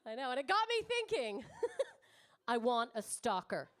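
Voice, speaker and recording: A woman's voice: fairly high pitch, very animated, measured pace, fairly bright tone. A woman in her thirties doing stand-up comedy, brash and teasing the crowd, swearing freely. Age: 30s. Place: comedy club stage before a live audience.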